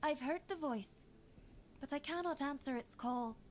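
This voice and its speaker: Small proud chieftain; high, unhurried, solemn game voice, faint hiss behind. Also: female voice. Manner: solemn and stern. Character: small female tribal chieftain, proud, protective. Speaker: game character. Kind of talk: game dialogue.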